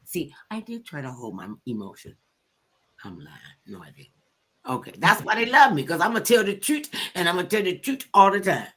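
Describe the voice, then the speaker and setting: An older woman hosting a talk show, telling stories in blunt, animated casual chat and acting out quotes. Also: fairly low pitch, a little fast, few pauses.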